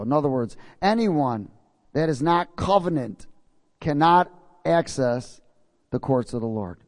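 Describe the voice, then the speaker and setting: A man's voice: fairly high pitch, expressive, unhurried. A man preaching a sermon in a folksy way, reading scripture and checking in with his congregation.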